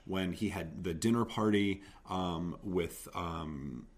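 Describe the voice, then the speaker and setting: A man co-hosting a podcast in casual chat, rambling and often trailing off softly. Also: deep voice, takes it slowly. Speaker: podcast co-host.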